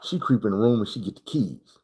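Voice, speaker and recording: A man's voice: lowish voice, animated, brisk, dark tone, husky. A man telling a rambling, slangy personal story on a livestream, full of swearing and acted-out moments.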